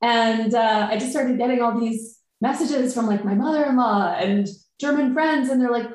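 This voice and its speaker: A woman chatting casually on a podcast, telling an animated story and acting out her own inner thoughts. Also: a little high, moderate pace, very echoey, low-quality recording. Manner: animated storytelling, quotes herself.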